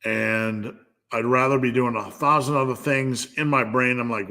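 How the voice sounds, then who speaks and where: A man's voice: medium pitch, steady tone, moderate pace, sharp tone. A man hosting a live fitness Q&A, giving a blunt, profane pep talk. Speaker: fitness channel host.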